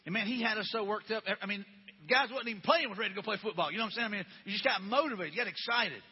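A man's voice: high-pitched, rapid-fire, breathy edge. A man preaching a conversational sermon, asking his listeners one question after another. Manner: conversational, repetitive rhetorical questions. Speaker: pastor. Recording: dull lo-fi recording with long hall reverb.

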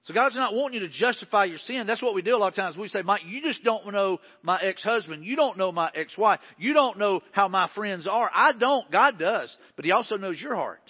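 A high-pitched man preaching from the pulpit of a church sanctuary. He is earnest, swelling to emphatic points and sinking to near-hushed lines. The sound is dull and carries a long hall reverb. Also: lively intonation, brisk, hardly any pauses, slightly rough. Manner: earnest, builds to emphatic peaks then drops to hushed tones. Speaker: pastor. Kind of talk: sermon.

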